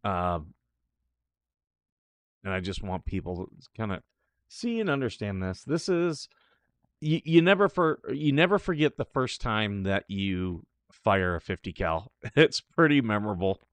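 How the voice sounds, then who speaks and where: A man's voice: on the low side, very animated, measured pace, dry recording. A man hosting a live talk show, reacting to clips with scoffing, sarcastic remarks. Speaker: show host. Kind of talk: casual live commentary.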